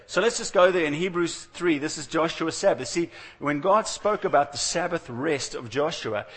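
A man's voice: fairly high pitch, normal speed, a bit bright. A man preaching a sermon in a conversational, storytelling way, acting out the voices of the people he quotes. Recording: long hall reverb.

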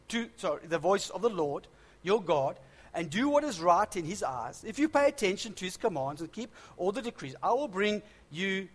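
High-voiced man preaching a sermon. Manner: expository preaching, conversational asides and humor.

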